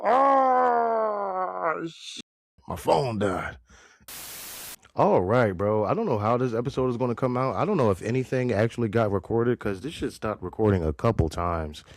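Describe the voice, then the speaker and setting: A man's voice: fairly low pitch, darkish tone, dry recording. A man hosting a podcast in casual chat, slangy and laid-back, swearing and laughing as he talks. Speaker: podcast host.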